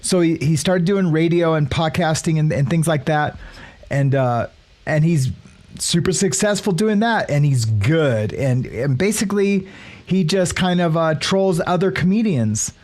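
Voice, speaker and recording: A man's voice: a little high, expressive, measured pace, darkish tone. A man hosting a casual morning live stream, rambling with lots of fillers and restarts as he greets viewers by name. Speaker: livestream show host.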